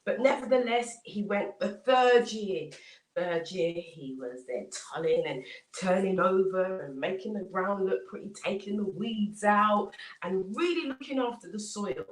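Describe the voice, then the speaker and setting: A woman's voice: mid-range voice, expressive, a little slow. Woman telling a story in an echoey room. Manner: dramatic, repetitive storytelling. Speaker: motivational speaker. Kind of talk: inspirational storytelling. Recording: roomy, distant mic.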